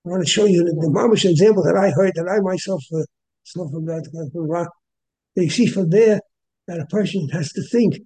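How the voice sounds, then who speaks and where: A man teaching a Torah class who often repeats his words and clears his throat between phrases. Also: high-pitched, a little fast, mellow, low-quality recording.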